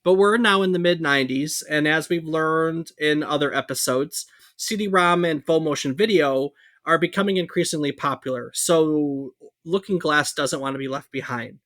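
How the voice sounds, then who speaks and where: A man co-hosting a podcast in a loose, conversational way, sprinkling in fillers and asides. His voice sits a little high, and the recording is dry and close with no room sound. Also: moderate pace, fairly bright tone, no room sound. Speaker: podcast co-host. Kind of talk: casual podcast history talk.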